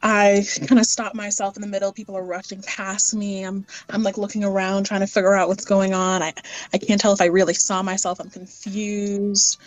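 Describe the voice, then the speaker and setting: A woman's voice: mid-range voice, level tone, moderate pace, no room sound, soft background music, poor audio. A woman playing a character in a tabletop game, narrating her actions in first person. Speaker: player.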